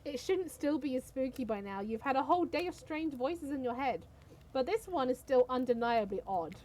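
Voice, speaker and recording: A young woman streaming, reading a dating game aloud in an animated, giggly way. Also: high voice, moderate pace.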